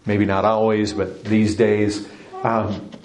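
A man preaching a sermon, emphatic, with sudden surges in pitch and loudness. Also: little pitch movement, slow, a little hiss or hum.

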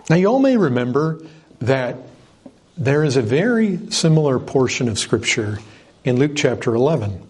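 A man's voice: mid-range voice, big pitch swings, normal speed, a little mellow, husky. A man preaching an earnest, emphatic sermon, repeating words for stress.

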